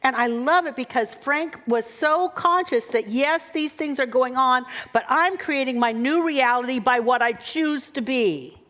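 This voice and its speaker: Female minister, slightly high voice, expressive sermon delivery. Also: unhurried, few pauses. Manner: expressive, chant-like repetitions. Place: church sanctuary.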